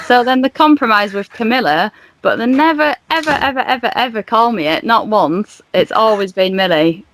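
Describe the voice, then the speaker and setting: A woman's voice: fairly high pitch, animated, moderate pace, fairly bright tone, no room sound. A woman guesting on a comedy podcast, giggly and self-deprecating as she chats. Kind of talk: casual comedy chat.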